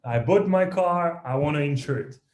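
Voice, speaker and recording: French-accented man, animated, echoey room. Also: fairly high pitch, normal speed. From France. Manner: animated, self-deprecating, frequent restarts. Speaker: guest, company founder. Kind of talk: podcast interview.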